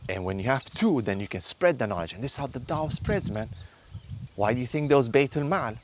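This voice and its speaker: Speaking in a mid-range, expressive voice over some background noise, a man in his thirties gives a heated motivational lecture. He's a men's course instructor who needles his listeners with a barrage of rhetorical questions.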